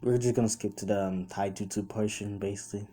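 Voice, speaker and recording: Young man, low mellow voice, loose rambling storyteller full of fillers. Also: fairly even intonation, quick pace. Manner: rambling, with many fillers and restarts; quotes characters in his own voice. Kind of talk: casual improvised fan-story retelling.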